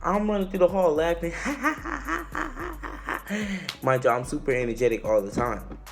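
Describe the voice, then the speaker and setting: A young man telling a casual storytime tale. He is animated and slangy, and he acts out the quotes and the shouting. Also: mid-range voice, quick pace, soft background music. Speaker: vlogger.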